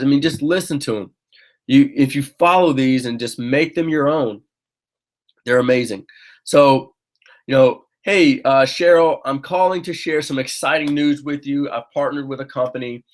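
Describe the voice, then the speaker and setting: Upbeat man coaching a sales team. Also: medium pitch. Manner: coaching, keeps checking in with "okay?"; upbeat and urging. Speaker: sales trainer. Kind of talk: team training talk.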